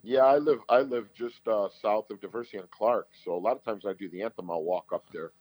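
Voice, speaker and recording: A middle-aged man with a very low voice speaks as a guest, earnest and rambling, often restarting his sentences. The sound is dry and close. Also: fairly quick, a little mellow, dry recording, rough recording. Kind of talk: candid conversational storytelling.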